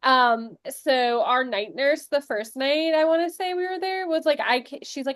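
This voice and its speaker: A woman's voice: sits high, normal speed, hardly any pauses, a bit bright, no echo, studio quality. A young woman co-hosting a podcast, chatting casually and laughing as she tells stories. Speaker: podcast co-host, new mother. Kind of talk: casual chat.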